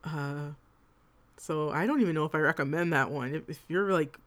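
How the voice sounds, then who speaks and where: A woman's voice: low-pitched, moderate pace, fairly bright tone. A woman co-hosting a podcast, chatting casually about films, swearing and laughing mid-sentence. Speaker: podcast co-host. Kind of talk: casual chat.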